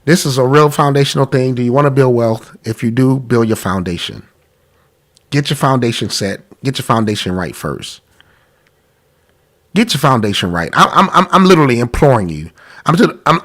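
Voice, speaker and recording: A man's voice: mid-range voice, expressive, normal speed, a bit bright. A man hosting a live-streamed talk about money, congested from a cold, earnest and pleading, repeating himself. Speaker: podcast host.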